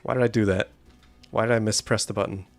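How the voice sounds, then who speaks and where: A man's voice: fairly low pitch, fairly even intonation, quick pace, soft background music. A man streaming a horror game, joking with chat and reading story text aloud. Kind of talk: gameplay commentary and story reading.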